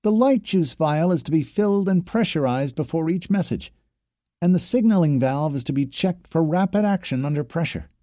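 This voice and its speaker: A man's voice: a little high, expressive, normal speed, warm tone, no room sound, studio quality, pitched above the performer's own voice, lightly acted. A man voicing a female alien troop signaler who recites her training drill in a formal, parroting way.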